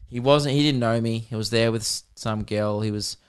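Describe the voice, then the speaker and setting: He's an Australian podcaster in his twenties whose clear, resonant voice sits at medium pitch. At a moderate pace, he tells meandering, profanity-laced humorous stories while chatting casually.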